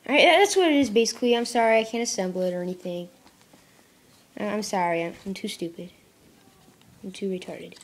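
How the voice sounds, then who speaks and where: A woman's voice: on the high side, moderate pace. A young woman casually narrating an unboxing, rambling and self-mocking, often dropping into mutters and whispers. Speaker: product unboxing vlogger.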